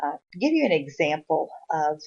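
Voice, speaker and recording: A woman giving a conversational recorded university lecture, with frequent fillers and sudden bursts of loud emphasis. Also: low voice, sing-song, normal speed, breathy edge, lo-fi sound.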